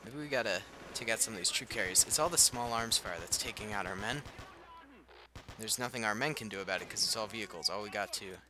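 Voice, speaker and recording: Low-ish in pitch and quick with his words, this young gaming channel host casually narrates a war strategy game, reacting aloud and chuckling at himself. Game audio can be faintly heard underneath.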